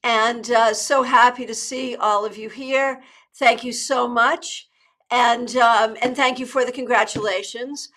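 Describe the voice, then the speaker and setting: A woman's voice: a little high, steady tone, measured pace, fairly bright tone. A middle-aged woman tarot reader hosting a live stream in an upbeat, chatty way, often restarting her sentences. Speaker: tarot reader and channel host.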